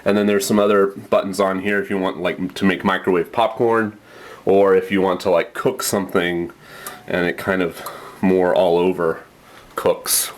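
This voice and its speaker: A man's voice: sits low, level tone, moderate pace. A man casually explaining each step as he cooks dinner in a small apartment kitchen for a vlog. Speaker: vlogger.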